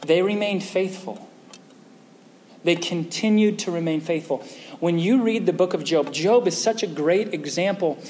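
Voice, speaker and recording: A man's voice: sits high, unhurried, darkish tone. A male pastor preaching a sermon in a conversational way, often asking the congregation questions. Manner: conversational, asks the audience questions. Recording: echoey hall with faint noise.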